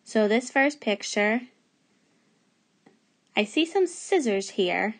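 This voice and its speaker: A woman's voice: on the high side, animated, takes it slowly, long pauses. A woman teacher giving a remote phonics lesson to young children, patiently sounding out letters and words.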